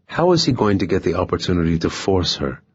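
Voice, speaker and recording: A man voicing a calm, contemptuous male operative. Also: sits low, fast talker, slightly rough, no room sound, lo-fi sound, full character voice.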